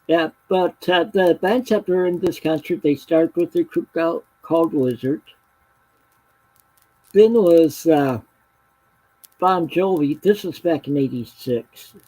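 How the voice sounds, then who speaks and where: A man's voice: on the high side, slow, warm tone, poor audio. A man chatting casually on a video call, hesitant, with many fillers and self-corrections.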